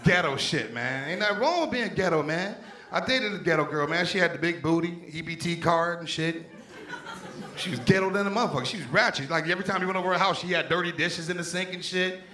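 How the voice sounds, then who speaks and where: This Pittsburgh comic talks fast in a high, sharp voice during a stand-up set at a small club. He swears freely and bantors loosely with the audience, and the room echoes with crowd noise.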